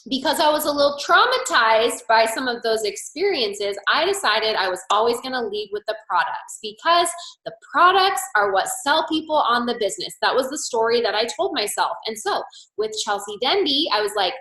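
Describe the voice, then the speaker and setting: A woman with a bright, forceful voice coaching her sales team on a call. She talks in a chatty, storytelling way and acts out the back-and-forth of past conversations. The sound comes through with a noticeable echo of the room around her. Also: fairly high pitch, very animated, moderate pace. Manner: chatty storytelling, acting out quoted dialogue. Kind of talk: motivational sales coaching talk.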